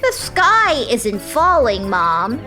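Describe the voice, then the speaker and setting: A woman voicing a timid young girl chick in a children's storybook, with a squeaky voice. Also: huge pitch swings, drawn-out words, over music, heavily acted. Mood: matter-of-fact.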